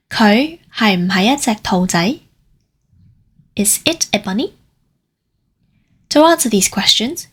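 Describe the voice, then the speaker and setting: A woman with a husky, slightly breathy voice delivers a scripted language lesson. She explains grammar step by step in a clear, careful way and slows down to sound out each example phrase. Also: medium pitch. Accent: Cantonese. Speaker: language teacher.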